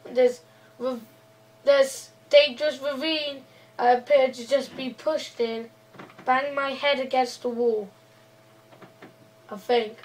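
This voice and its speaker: A woman's voice: high voice, steady tone, slow pace, pauses often, far from the mic, slight background noise, rough recording. A woman hosting and playing her part in a casual game role-play, hesitant, with frequent restarts and playful groaning. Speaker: host and role-player.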